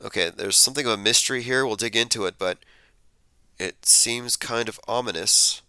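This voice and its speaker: Male commentary host, casual and skeptical, lowish voice, crisp and bright. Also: normal speed, dry recording. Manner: skeptical, conversational, thinks aloud with fillers. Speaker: podcast host. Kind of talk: casual commentary reading tweets and headlines.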